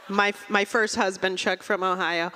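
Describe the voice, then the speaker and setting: Deadpan woman doing stand-up. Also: mid-range voice, in a large hall, background noise. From Russia. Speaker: stand-up comedian. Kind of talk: stand-up comedy set.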